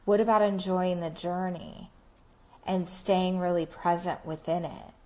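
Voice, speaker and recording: Slow-talking woman coach. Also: lowish voice, fairly even intonation, warm tone. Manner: slow, reflective with many fillers. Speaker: life coach. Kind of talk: Facebook Live talk.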